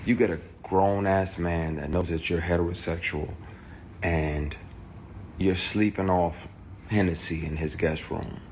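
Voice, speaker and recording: Deep-voiced man swearing through his story. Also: fairly even intonation, unhurried, a little hiss or hum. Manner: profane, heated, shouts in retold quotes. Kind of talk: candid personal account to camera.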